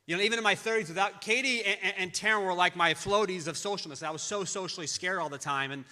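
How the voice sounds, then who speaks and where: A middle-aged man's fairly high, very bright voice carries through a big church hall with a long reverb. He tells a personal tribute in stops and restarts. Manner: halting storytelling with many restarts. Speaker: friend giving a memorial tribute. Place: large church auditorium.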